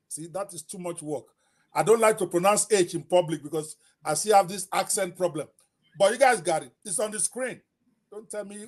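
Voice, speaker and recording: A man hosting a live podcast interview, energetic and joking about his own speech. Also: sits high, normal speed. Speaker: podcast host.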